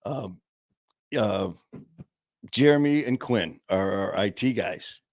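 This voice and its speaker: A man's voice: lowish voice, animated, slow, creaky, a little mellow, dry recording. A man co-hosting a casual livestream chat from a studio, folksy and jokey, his voice starting to go. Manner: jokey, folksy, telling dad jokes. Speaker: co-host.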